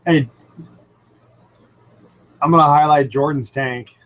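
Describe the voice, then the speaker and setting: A man's voice: on the high side, takes it slowly, poor audio. A man hosting a casual livestream from home by a fish tank, telling stories animatedly with lots of fillers and restarts. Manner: animated storyteller, rambling with many fillers. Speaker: livestream host. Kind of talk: casual live chat and anecdote. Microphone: computer microphone.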